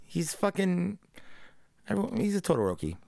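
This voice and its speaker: A man's voice: high-pitched, sing-song, moderate pace, gravelly, mellow, no echo, clean studio sound. A man hosting a podcast in loose, profane casual chat, full of fillers. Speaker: podcast host.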